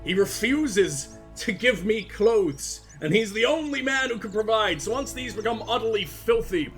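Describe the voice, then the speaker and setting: A man's voice: high-pitched, animated, normal speed, a bit bright, soft background music. A man giving let's-play commentary as a streamer, crude, joking and sarcastic. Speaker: streamer playing a video game.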